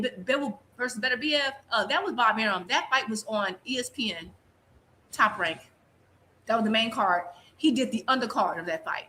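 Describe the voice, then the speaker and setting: A woman's voice: fairly high pitch, sharp tone, a little hiss or hum. A woman co-hosting a casual boxing panel chat, ranting emphatically and acting out quoted voices.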